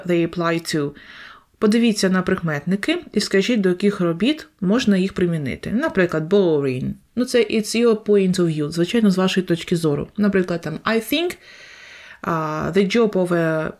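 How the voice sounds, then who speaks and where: English teacher, female, Ukrainian accent, talks through tasks and repeats each instruction in both languages. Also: medium pitch. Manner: explains each step twice, in English then Ukrainian. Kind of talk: explaining a textbook lesson.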